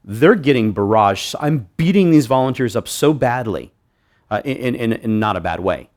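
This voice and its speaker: A man's voice: mid-range voice, normal speed. Joking man presenting hypnosis live. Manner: joking, animated, many restarts. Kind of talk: live stage demonstration talk. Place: meeting room with audience.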